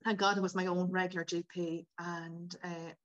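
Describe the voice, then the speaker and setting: A woman's voice: on the low side, little pitch movement, moderate pace, a bit bright, highs cut off. Candid woman in her fifties. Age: 50s. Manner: candid and tearful at times, many 'like' fillers. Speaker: podcast guest. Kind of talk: emotional personal storytelling.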